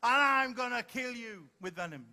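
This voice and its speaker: A man voicing a menacing male villain in a hammy stage melodrama, with a long loud cackle and a growling trill. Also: extremely high pitch, expressive, moderate pace, exaggerated voice. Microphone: handheld mic.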